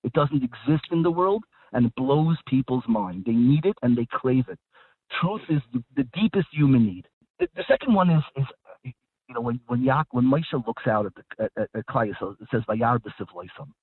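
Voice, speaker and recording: A man's voice: medium pitch, animated, moderate pace, breathy edge, no echo. A man speaking as a guest rabbi in a radio discussion, talking emphatically with frequent repeated words and restarts. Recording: dry, phone-like line.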